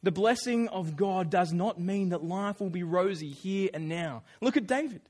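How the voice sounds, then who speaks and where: A man preaching a sermon, telling the story with lively, acted-out asides and quick self-corrections. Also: high voice.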